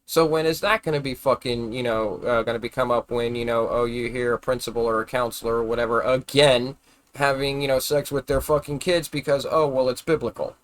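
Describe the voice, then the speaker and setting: A man's voice: mid-range voice, fairly even intonation, brisk. A man ranting casually on a live stream. He talks in a rambling, profane, argumentative way, often stumbling and restarting his words.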